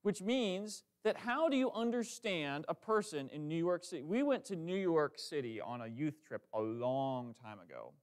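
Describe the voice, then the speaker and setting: Man, preacher, higher-pitched voice, lively conversational sermon, quick asides. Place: church sanctuary.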